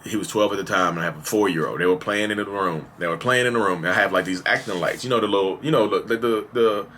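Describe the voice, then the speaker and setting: A man's voice: fairly low pitch, fast, a bit bright, a little hiss or hum. A man in his thirties speaking in a candid, rambling confessional monologue. He fills his talk with many "like" and "you know" fillers. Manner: acts out quoted exchanges in raised, heated bursts. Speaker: vlogger and host of the channel.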